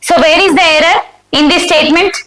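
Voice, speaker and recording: A woman's voice: extremely high pitch, fairly quick, bright, forceful tone, echoey room, low-quality recording. A woman with an Indian English accent, going over exam questions live, reading out the options and checking answers with her students. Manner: reads options aloud and checks answers with the class. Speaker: exam prep teacher.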